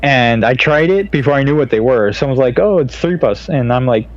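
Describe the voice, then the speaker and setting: Male podcast host, mid-pitched, teasing, stammers; slightly dull lo-fi recording. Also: a little fast. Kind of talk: casual chat.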